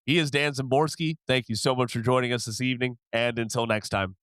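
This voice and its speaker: Easygoing male podcast host, smooth voice. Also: mid-range voice, fairly even intonation, fairly quick, fairly bright tone, no room sound, studio quality. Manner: easygoing, brief affirmations. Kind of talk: casual podcast chat.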